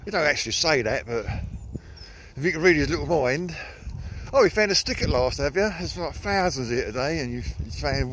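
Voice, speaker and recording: A man chats away on a handheld camera as he walks through the countryside with his dog. His voice sits a bit high and swings widely, often lifting into a sing-song tone when he coaxes the dog. A faint hiss sits behind him. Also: expressive, brisk, a bit bright. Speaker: vlogger walking his dog. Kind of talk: casual running commentary. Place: outdoors in countryside with old trees.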